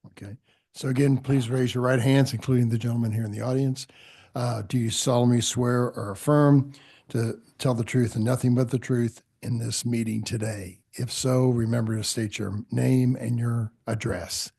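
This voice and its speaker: A man runs a formal public hearing from a meeting room, polite and a little halting as he swears people in. His voice is mellow and dark with a gravelly creak. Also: medium pitch, steady tone. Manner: courteous, halting with fillers. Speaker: board chair.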